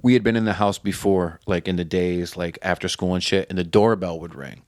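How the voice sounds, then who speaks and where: A man's voice: sits low, fairly even intonation, fairly quick, a little mellow, no echo. A man from Connecticut telling a story as a podcast guest in casual, profane chat. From New Haven, Connecticut.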